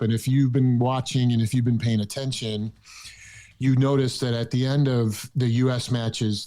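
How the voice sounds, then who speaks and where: Relaxed conversational podcast host man. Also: mid-range voice. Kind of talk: casual sports chat.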